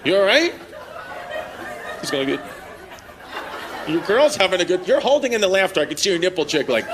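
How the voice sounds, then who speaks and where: A man on a comedy club stage works the crowd in a high, cracking voice, swearing freely and laughing at his own lines. The mic picks up a loud, laughing audience and a steady hum of room noise around him. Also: a little fast. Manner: brash, profane, laughing at his own jokes. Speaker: stand-up comedian. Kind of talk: stand-up crowd work.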